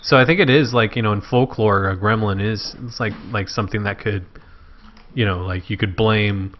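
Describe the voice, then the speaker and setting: A man's voice: lowish voice, normal speed. A man co-hosting a casual movie podcast in a laid-back way, trailing off with fillers. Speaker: podcast co-host. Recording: dull lo-fi podcast audio.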